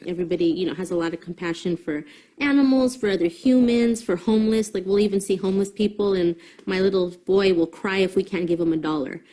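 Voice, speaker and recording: A woman's voice: mid-range voice, fast talker, mellow. A mother in a documentary interview, telling a family story in an earnest, reflective way.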